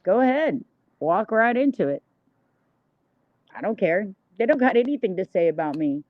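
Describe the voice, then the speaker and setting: A woman's voice: mid-range voice, very animated, moderate pace, dry recording. A woman livestreamer ranting in a blunt, heavily profane, indignant monologue. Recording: dull, dry lo-fi mic.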